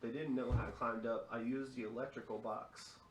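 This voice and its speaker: A young man filling in as podcast host tells rowdy stories casually, profane and chuckling as he goes. His mid-range voice is steady and brisk, recorded in an echoey room with a noisy background.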